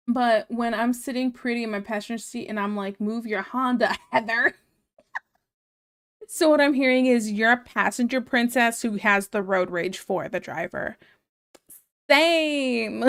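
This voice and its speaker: A woman's voice: on the high side, fairly bright tone. A woman streamer chatting casually and reading viewer comments aloud, ranting in an exasperated way and laughing often.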